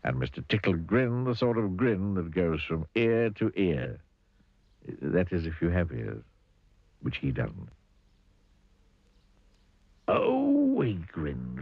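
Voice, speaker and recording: A man narrating a children's cartoon story, playful and expressive, asking the listener questions. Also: extremely low pitch, a little slow, breathy edge, no room sound, muffled recording.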